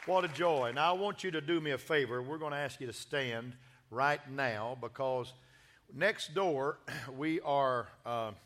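Bright, folksy preacher. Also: male voice, mid-range voice, unhurried, slight background noise. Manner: folksy, joking and exuberant. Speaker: pastor. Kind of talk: church sermon with announcements. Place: church sanctuary.

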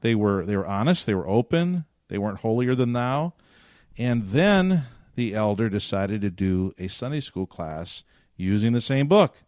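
A man's voice: on the low side, animated, moderate pace, a little mellow, dry recording, studio quality. An older man co-hosting a church podcast, telling a story in casual chat with joking asides. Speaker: pastor and podcast co-host.

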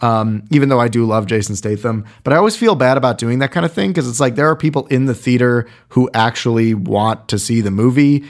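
A man with a mid-pitched, everyday voice talks through a film review off the cuff. He rambles, piles on fillers and throws in wry, irreverent jabs as he goes. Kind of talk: casual spoken review.

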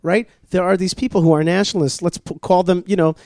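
A podcast co-host tells stories in an animated, excitable chat, acting out others' voices and restarting his sentences often. His voice sits high with a quick pace, clean studio quality, and no echo.

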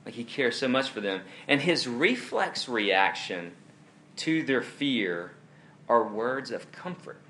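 Young male pastor, casual sermon delivery, chuckles through stories, crisp bright tone. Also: mid-range voice, slow, a little hiss or hum. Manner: animated, chuckling, storytelling asides. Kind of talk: conversational sermon.

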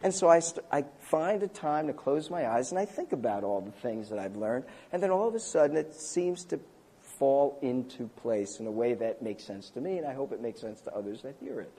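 A man's voice: mid-range voice, big pitch swings, a little fast, mellow, slightly rough. An older man preaching a conversational sermon in a church, telling stories with a self-deprecating, chuckling manner. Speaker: pastor.

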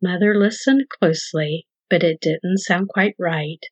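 A woman hosting and narrating a rhyming children's story in a measured, sing-song delivery. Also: lowish voice, a little mellow, slightly rough, no echo. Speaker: storyteller host. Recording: dull lo-fi dry recording.

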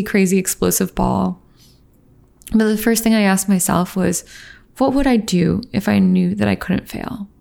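A woman in her thirties speaks to her viewers openly and with strong feeling, sounding close to tears. Her voice has a gravelly fry at the ends of her phrases and a mellow, darker tone. She talks in a reflective, personal way. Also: mid-range voice. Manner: earnest, emotional and open. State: teary. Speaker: vlogger. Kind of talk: personal reflective talk to camera.

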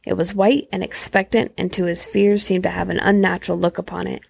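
Creaky-voiced woman reading a story. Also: fairly low pitch, level tone, fairly quick, dry recording. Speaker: podcast host, storyteller. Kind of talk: reading a horror story aloud.

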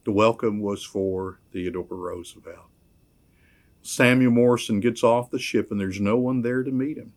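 A man preaching a sermon, measured and emphatic, repeating key phrases. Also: fairly low pitch. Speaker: pastor.

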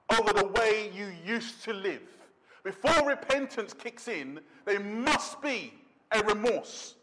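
A man preaching a sermon as pastor, emphatic, slowing down to stress words and dropping to a quiet intensity. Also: high-pitched, slight background noise.

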